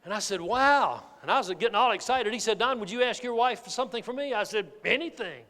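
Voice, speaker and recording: A man giving a keynote sales speech, telling a folksy, animated story to a live audience. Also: high voice, fast. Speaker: motivational sales speaker. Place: large hall with an audience. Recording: reverberant hall.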